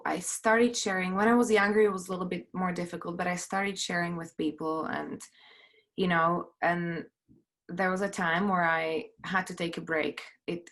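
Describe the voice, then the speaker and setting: Earnest woman near tears, halting. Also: fairly low pitch, a bit bright. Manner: earnest, halting, with many fillers and restarts. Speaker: panelist, film producer. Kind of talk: personal testimony on a panel. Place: at home.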